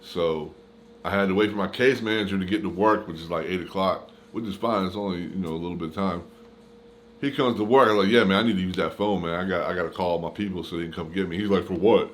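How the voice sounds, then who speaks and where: A man's voice: deep voice, fast, slight background noise. A man casually telling a personal story to his camera, in slangy talk, acting out the lines of the people in it. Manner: slangy, animated retelling with quoted dialogue. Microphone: camera mic.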